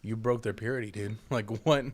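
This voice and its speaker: A man's voice: fairly low pitch, a little fast. A man co-hosting a casual comedic podcast, reacting with frequent laughter and exclamations. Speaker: podcast co-host.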